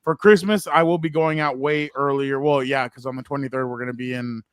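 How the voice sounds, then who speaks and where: A man's voice: mid-range voice, steady tone, brisk, clean tone, no room sound, studio quality. A man co-hosting a casual sports podcast, telling stories animatedly and acting out the voices of people he quotes. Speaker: podcast co-host.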